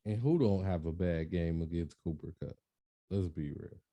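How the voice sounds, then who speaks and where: A man with a very dark, mellow voice chats loosely about sports as a podcast co-host. He talks in a laid-back, slangy way, joking as he goes. The sound is dry and close. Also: low-pitched, moderate pace, no echo, muffled recording. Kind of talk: casual sports banter.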